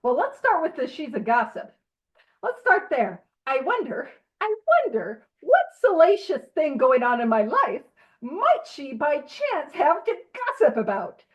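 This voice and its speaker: Animated high-voiced woman leading a study. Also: measured pace. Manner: animated, playful, laughs often. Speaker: recovery study group leader. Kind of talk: casual teaching talk. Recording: dull lo-fi audio.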